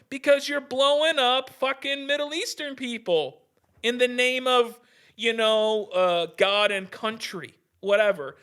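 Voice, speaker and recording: A fairly high-pitched young man rants into his podcast mic, heated and profane. He stumbles through restarts and keeps calling the listener "dude." The talk is casual and loose. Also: unhurried, fairly bright tone, clear, resonant tone. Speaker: podcast host. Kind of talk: casual ranting podcast monologue.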